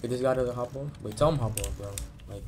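A man co-playing on a live game stream talks fast and hyped, firing off the same word in rapid bursts. His voice sits at an ordinary pitch, with faint noise behind him. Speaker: co-player on the stream. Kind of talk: casual chat while gaming.

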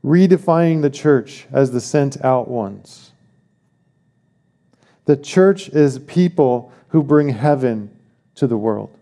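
A man's voice: medium pitch, expressive, takes it slowly, mellow. A man preaching a sermon as pastor, emphatic, repeating key phrases and asking the congregation questions.

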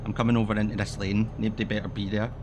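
A man's voice: on the low side, little pitch movement, racing, noisy background. A man giving casual, rambling commentary while playing a driving game, swearing freely as he chats. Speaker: streamer.

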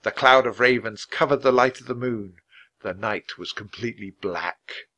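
A man reading a children's book aloud in an expressive, clear, measured way. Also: mid-range voice. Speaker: storybook reader.

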